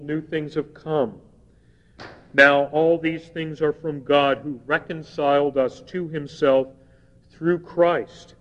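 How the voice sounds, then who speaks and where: A male preacher reads scripture at an unhurried, deliberate pace, leaning into key phrases with earnest weight. His voice rings with the long reverb of a large hall, and the recording sounds somewhat dull. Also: on the high side. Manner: slow, measured scripture reading with earnest emphasis. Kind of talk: sermon reading scripture.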